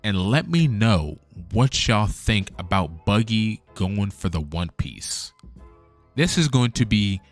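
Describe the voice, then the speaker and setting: A man with a low, deep voice gives a loose, chatty reaction to a comic chapter. He talks like an eager fan. Soft music plays quietly underneath. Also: slow pace. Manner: excited, chatty fan talk. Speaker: manga reaction host. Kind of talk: casual live reaction commentary.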